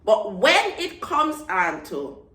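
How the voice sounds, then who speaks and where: A woman's voice: medium pitch, sing-song, slow, a bit bright. A middle-aged Jamaican woman in a casual vlog, talking passionately and slipping Patois phrases into her English. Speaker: vlogger. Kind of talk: casual chat to camera. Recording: roomy echo, mic at a distance.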